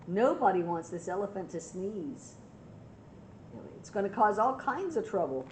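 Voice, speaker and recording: An older woman reading a picture book aloud to children, pausing to ask them gentle questions. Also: mid-range voice, sing-song, slight background noise, low-quality recording. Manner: gentle, asks young listeners questions.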